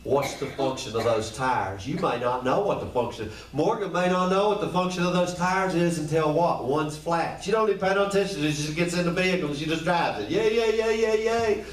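A man's voice: a little high, brisk, few pauses, a little hiss or hum. A man preaching an informal sermon in a colloquial way, asking the congregation question after question. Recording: echoey room, voice from far off the mic.

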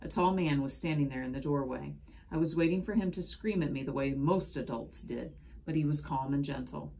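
A woman reading a children's picture book aloud in expressive first-person storytelling. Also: sits low, a little fast. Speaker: storybook reader.

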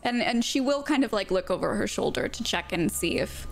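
Soft-spoken woman describing her character. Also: mid-range voice, animated, brisk, gravelly. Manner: hesitant, soft-spoken, with fillers. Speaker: player. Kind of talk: narrating her character in a tabletop game.

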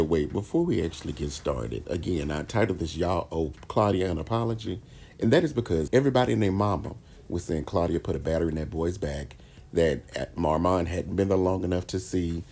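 A man's voice: low-pitched, gravelly, warm tone. A man hosting a casual, sassy celebrity gossip commentary and calling his viewers "child" and "baby.". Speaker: host of a commentary channel. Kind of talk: casual pop-culture commentary.

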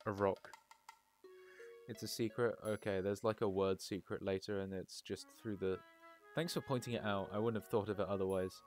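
A man's voice: fairly low pitch, fairly even intonation, normal speed, darkish tone, soft background music. A man chatting casually while streaming a game. He reads chat aloud, answers it and swears freely. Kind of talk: casual game livestream commentary.

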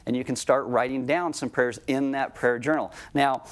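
A middle-aged man preaching a sermon to his congregation in a conversational tone, slowing right down on key lines. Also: medium pitch, steady tone. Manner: conversational preaching, slows down for emphasis. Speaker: pastor.

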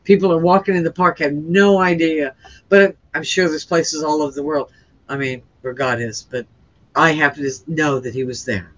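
A woman guest earnestly recounts a near-death experience in conversation, rambling, restarting sentences, and leaning on fillers. Her voice is low with fairly even intonation at normal speed, and the highs are cut off.

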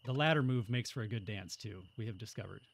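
A man's voice: lowish voice, fast talker, gravelly, slight background noise. A man hosting casual let's-play commentary, playful and jokey, reading game lines aloud. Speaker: gaming channel host.

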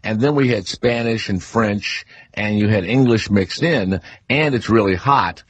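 A man's voice: fairly low pitch, measured pace, fairly bright tone, husky, no room sound. A man in his sixties with a New Orleans accent, hosting a casual radio talk show and telling rambling stories full of fillers and restarts. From New Orleans, Louisiana. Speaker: radio host.

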